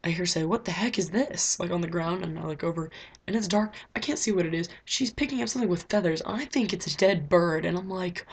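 Chatty teen girl with a husky voice. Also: on the low side, fast talker. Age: teens. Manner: chatty, rambling, lots of "like" fillers. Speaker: vlogger. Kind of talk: casual diary vlog. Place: her bedroom, indoors.

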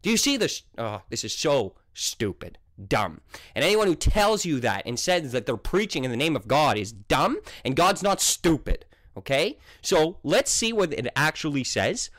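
A man's voice: on the high side, sing-song, moderate pace, a bit bright, no echo. A man with a French accent, a native French speaker, delivering a heated, sarcastic monologue as a Christian vlogger. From French Canada. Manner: combative, sarcastic, scolding.

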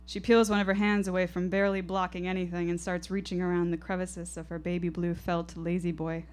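Low-voiced young woman telling a story. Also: flat delivery, a little fast, a little mellow, clean tone. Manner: vivid, reflective first-person narration. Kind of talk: live storytelling performance. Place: stage at a live show.

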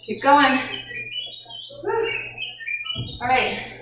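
A woman's voice: high voice, very animated, extremely slow, far from the mic, background noise. Breathless woman coaching a workout, echoey. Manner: encouraging, breathless cues between exercises. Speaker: fitness instructor.

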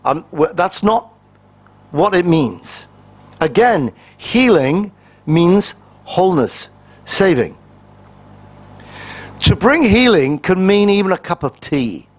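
A man's voice: high-pitched, very animated, takes it slowly, pauses often. A man, a pastor, preaching a sermon in a conversational and humorous way, acting out little quoted exchanges.

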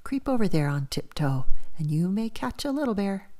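A woman voicing a gentle, teasing mother bear who speaks softly and slyly. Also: on the high side, lively intonation, measured pace, voice pushed up. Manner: sly, soft-spoken.

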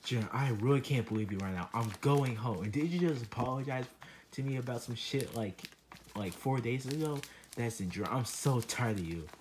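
A man's voice: mid-range voice, expressive, brisk, slight background noise, close to an everyday voice. A man voicing a judgmental teenage boy puppet who bluntly accuses his friend in a crude comedy skit. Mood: accusing.

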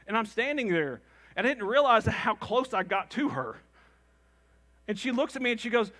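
A man preaching a sermon as pastor, animated and repetitive for emphasis, acting out the people he quotes. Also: sits high, moderate pace. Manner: animated, repeats phrases for emphasis, acts out quotes; calls the congregation "gang".

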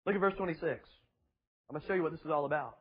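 A man's voice: on the high side, rapid-fire, husky, highs cut off. A man preaching a fiery sermon to a congregation, emphatic and full of rhetorical questions and mocking asides. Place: church before a congregation.

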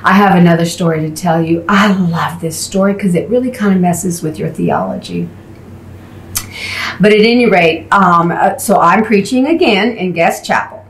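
A woman preaching a sermon, telling stories in an animated way that shifts between quick runs and slow, emphatic words. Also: fairly low pitch, reverberant, a little hiss or hum. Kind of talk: storytelling sermon. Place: mission chapel.

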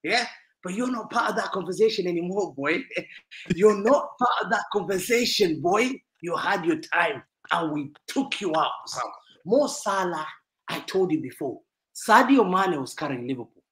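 Man, football panel, bright punchy voice, teasing banter, roomy echo on the mic. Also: high voice, moderate pace. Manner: animated, teasing, laughing often. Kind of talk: loud banter-filled casual chat.

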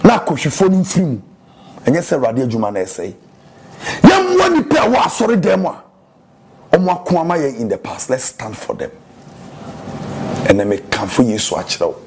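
Fervent Ghanaian preacher man, gravelly voice. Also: fairly high pitch, wildly swooping pitch, a little fast, pauses often, background noise. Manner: fervent preaching, switching between English and Twi. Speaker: pastor. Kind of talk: sermon.

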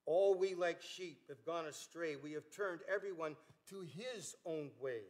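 An older man, a pastor, preaching a sermon in a church, earnest and emphatic, rising on key words and dropping low at the ends of phrases. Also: unhurried. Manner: earnest preaching with emphatic rises and soft drops. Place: church sanctuary.

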